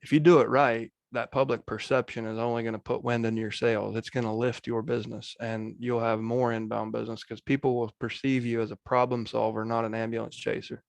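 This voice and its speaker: A man speaking as a guest coach on a video call, in steady, matter-of-fact coaching talk. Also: mid-range voice, fairly quick, gravelly, few pauses, dry recording. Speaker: guest real estate coach.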